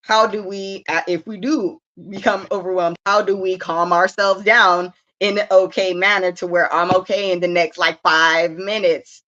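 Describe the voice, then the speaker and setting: A woman co-hosting a podcast in a casual chat, candid and expressive, swearing freely and laughing often. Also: on the low side, normal speed, hardly any pauses. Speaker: podcast co-host. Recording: dull lo-fi sound.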